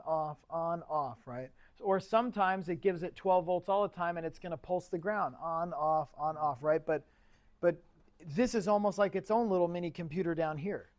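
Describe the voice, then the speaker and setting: High-voiced casual male auto instructor. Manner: chatty, asks the class questions. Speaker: automotive instructor. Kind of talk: casual classroom lecture. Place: classroom.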